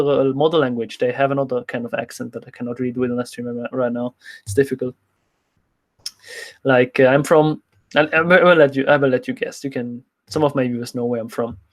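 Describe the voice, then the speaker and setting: A man from Switzerland with a Swiss accent, a fitness coach answering viewer questions in a candid, rambling livestream chat full of restarts. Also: mid-range voice.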